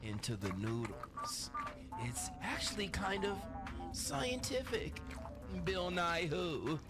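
A man voicing a deranged male TV cooking show host who gives absurd recipes in a slow, deadpan instructional manner. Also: high voice, heavily acted. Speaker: in-game cooking show character. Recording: game audio over loud music.

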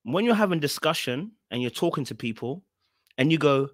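Expressive and a little fast, this male podcast host's voice is recorded with clean studio sound and no echo. Commenting on a clip during a live stream, he talks directly to chat, repeats phrases, and mocks others with high, exaggerated impressions.

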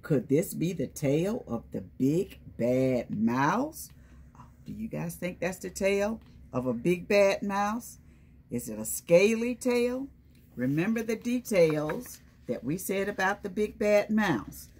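A woman reads a storybook aloud to preschoolers in a slow, sing-song voice that swoops up and down. Her tone is a little low and breathy. She keeps stopping to quiz the little ones by name. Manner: animated, questioning the children and calling on them by name. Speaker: children's storytime presenter. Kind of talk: reading a picture book aloud to young children.

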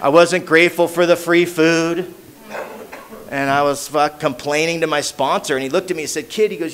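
Man, 30s or older, a bit high-pitched, casual slangy storyteller at a recovery meeting who softens at the heavy moments. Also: fairly quick. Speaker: AA meeting speaker. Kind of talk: personal recovery story told to a crowd. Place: meeting hall.

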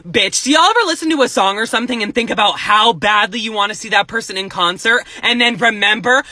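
Sassy high-voiced creator ranting with bursts of shouting. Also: male voice, quick pace. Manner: sassy, profane, dramatic outbursts. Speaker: TikTok creator. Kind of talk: comedic rants to camera.

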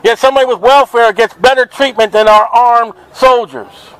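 A man's voice: extremely high pitch, steady tone, normal speed, fairly bright tone, clean tone, poor audio. A man preaching fervently outdoors at a market, quoting scripture in an open-air sermon. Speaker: street preacher.

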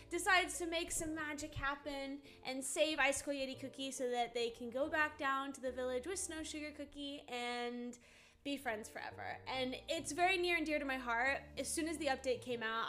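A woman's voice: high voice, fairly bright tone. A woman who voices characters, hosting a live autograph stream in bubbly, gushing casual chat.

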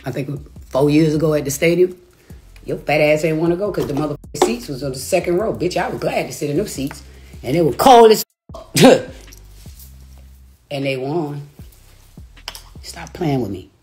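Livestreaming on her phone from a rented house, a woman with a deep, mellow voice delivers a profane, taunting rant, laughing between insults. She's animated, speaks at normal speed, and pauses often, with faint music in the background.

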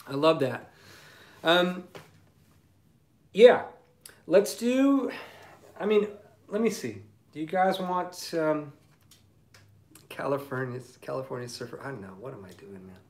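A man who is a singer-songwriter reads his viewers' comments on a casual livestream, recorded on a phone mic, in a relaxed, meandering way full of ums. He speaks at normal speed in a mid-range voice.

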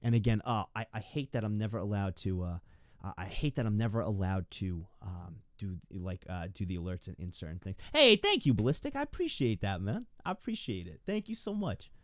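A man's voice: fairly low pitch, expressive, a little fast, no echo, clean studio sound. A young man streaming from home, rambling and stammering as he thanks his viewers. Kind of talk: live stream chat.

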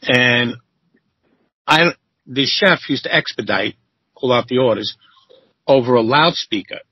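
A man guest on an interview show, telling animated, profane stories and acting out quotes in a high voice. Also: a little slow, husky, muffled recording. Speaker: interview guest, former chef. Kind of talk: casual storytelling.

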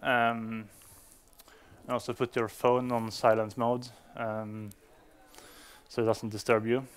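Man doing a dev conference talk, smooth clear voice, lots of ums and restarts. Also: medium pitch, little pitch movement, slow. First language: Swedish. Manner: hesitant, many fillers and restarts. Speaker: conference speaker.

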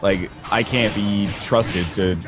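A man's voice: fairly low pitch, fairly even intonation, slow pace. A man giving casual gaming commentary while playing with a friend, rambling and joking with lots of filler words. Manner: rambling, jokey, heavy on "like" fillers. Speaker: let's play co-host. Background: game music.

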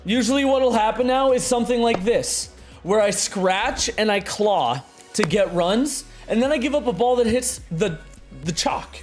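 A young man giving excitable live commentary on his own video game play, muttering one moment and shouting the next. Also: high voice, normal speed, soft background music. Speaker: gaming streamer.

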